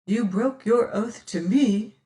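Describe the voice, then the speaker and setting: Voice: mid-range voice, takes it slowly, warm tone, reverberant, pitched above the performer's own voice, lightly acted. A reader voicing a proud young woman pleading through tears in an audiobook. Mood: broken. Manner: pleading, breaking into sobs and whispers. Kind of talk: audiobook character reading.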